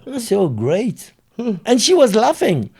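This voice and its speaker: Gravelly dark-voiced man with French accent. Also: high voice, unhurried. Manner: animated, searches aloud for English words. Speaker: guest. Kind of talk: anecdotal storytelling in an interview.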